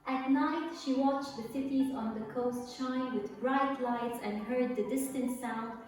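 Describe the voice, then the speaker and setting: A teacher reading a children's story aloud in a lively way. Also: female voice, sits high, unhurried. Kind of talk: storybook narration. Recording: echoey room, far from mic, faint music.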